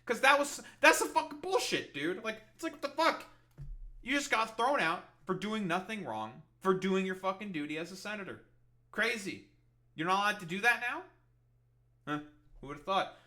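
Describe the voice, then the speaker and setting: A man's voice: high-pitched, lively intonation, normal speed, bright, forceful tone. A man giving an angry, profane and sarcastic political commentary while reacting to clips.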